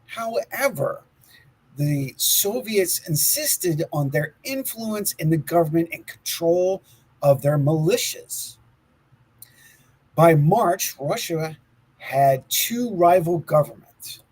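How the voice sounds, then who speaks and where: A man's voice: a little high, expressive, slow pace, a little mellow, breathy edge, low-quality recording. A man co-hosting a casual podcast, laughing often and stumbling over words as he reads aloud from his notes. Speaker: podcast co-host. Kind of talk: casual conspiracy podcast talk, reading from notes.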